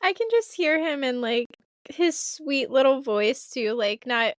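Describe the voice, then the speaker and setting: Woman podcast co-host, playful, expressive pitch, dry close sound. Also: unhurried, no echo. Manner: reactive, laughs often, playful. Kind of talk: casual chat.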